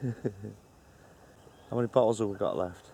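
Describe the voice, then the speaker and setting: Low gravelly man vlogging outdoors. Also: fairly even intonation, slow pace, mellow, a little hiss or hum. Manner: chatty, playful, narrating cooking to camera. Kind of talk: casual camping vlog chat. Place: outdoors at a campsite.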